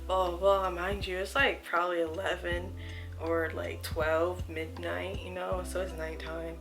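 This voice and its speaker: A young woman talks straight to camera in a personal vlog, her voice slightly low but bright and forward. She speaks softly and haltingly, stumbling through fillers as she retells something painful. Faint music sits underneath. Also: flat delivery. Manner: soft, halting, emotional retelling with many fillers. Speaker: vlogger.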